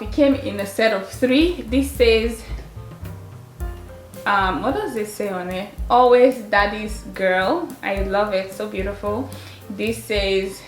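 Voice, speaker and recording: A young mother, gushing and laughing as she chats through a kids' clothing haul at home. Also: medium pitch. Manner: chatty and gushing, laughing often. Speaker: mother and vlogger. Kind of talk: casual clothing haul chat. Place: her home. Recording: roomy sound with faint music.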